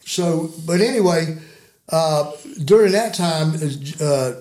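A guest storyteller in his sixties spins folksy, rambling hunting yarns, chuckling as he goes. His voice is a little high and darkish, and he speaks slowly.

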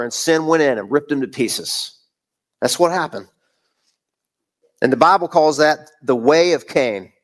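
A middle-aged man preaches a sermon in a relaxed, conversational way. He fires off rhetorical questions and often adds "man", and his voice sits a little higher than most men's. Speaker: pastor.

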